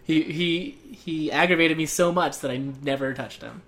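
A man's voice: a little high, moderate pace, fairly bright tone. A man with an Arizonan accent, co-hosting a casual gaming chat, rambling and laughing at himself. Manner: rambling, self-deprecating, laughs often.

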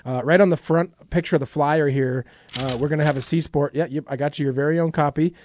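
A man's voice: a little high, fairly even intonation, quick pace, a little mellow, slight background noise. A man hosting a radio show in a studio, chatty and self-mocking as he promotes an event. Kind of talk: casual radio chat and sponsor promo. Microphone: studio microphone.

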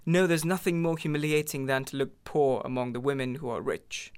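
A man's voice: medium pitch, steady tone, fairly quick, clear, resonant tone, natural voice. A man voicing a sulky, plaintive young wife who longs for luxury in a story reading.

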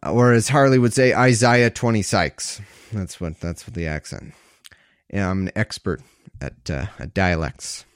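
A man's voice: low-pitched, expressive, normal speed, smooth, no room sound, clean studio sound. A man reading scripture aloud, breaking off with wry, casual asides. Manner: wry asides between verses.

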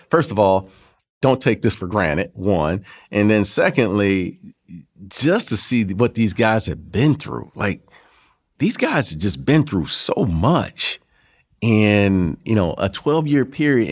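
A man in his fifties, a former pro football player, telling stories from his career in an animated way and acting out what others said. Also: fairly low pitch. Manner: animated storyteller who acts out quotes, peppered with "man". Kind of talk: storytelling interview.

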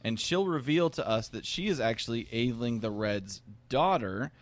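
A man's voice: medium pitch, animated, normal speed. Casual man recapping a show. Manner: recaps episode plot, swears casually. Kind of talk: casual chat.

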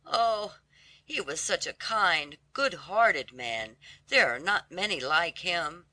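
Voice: medium pitch, lively intonation, slow pace, bright, forceful tone, dry recording, heavily acted. A reader voicing a poor, exhausted washerwoman who speaks in trembling, pleading tones in a storybook reading. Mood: shocked grief. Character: worn-out poor washerwoman, grieving mother.

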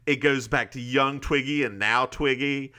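A man's voice: medium pitch, steady tone, moderate pace, sharp tone, clear, resonant tone. A man co-hosting a podcast in casual chat, playful and speaking straight to listeners. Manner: chatty, playful, addresses listeners directly. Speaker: podcast co-host.

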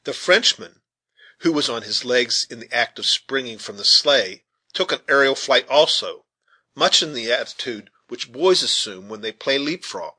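A man reading a classic novel aloud with expressive, animated storytelling. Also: medium pitch, moderate pace, slightly rough. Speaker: audiobook narrator.

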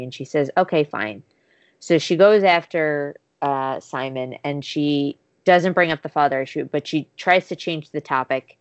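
A woman's voice: low-pitched, unhurried, no room sound, highs cut off. A woman casually recapping a show's episode, retelling scenes with quoted dialogue. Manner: animated storytelling, acting out quotes. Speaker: podcast co-host recapping a show. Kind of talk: casual chat.

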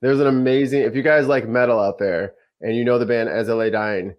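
A man's voice: medium pitch, steady tone, fairly quick, dull audio. A man, the podcast's producer, chatting casually with rambling asides. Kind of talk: casual chat.

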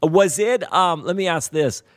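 An American man hosts a casual podcast with a fairly high voice. He laughs often and asks rambling, animated questions. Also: normal speed. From United States. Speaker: podcast host.

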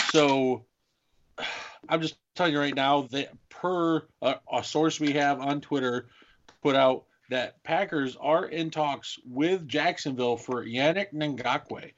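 A man's voice: mid-range voice, steady tone, unhurried. A man co-hosting a casual sports podcast, rambling through football news and analysis. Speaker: podcast co-host. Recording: muffled lo-fi mic.

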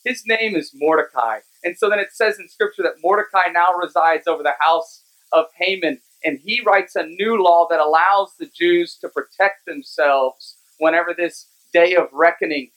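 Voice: medium pitch, poor audio. Conversational pastor retelling a story. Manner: casual, conversational, lively retelling. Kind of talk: sermon storytelling.

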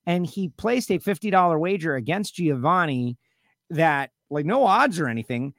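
A man's voice: on the high side, animated, normal speed, no room sound, studio quality. A man hosting a radio talk show, chatting casually and teasing his co-host with rambling asides.

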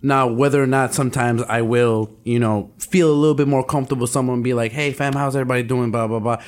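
Animated young man telling stories. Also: medium pitch, fast. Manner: animated storyteller, acts out quotes. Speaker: podcast co-host. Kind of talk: casual chat.

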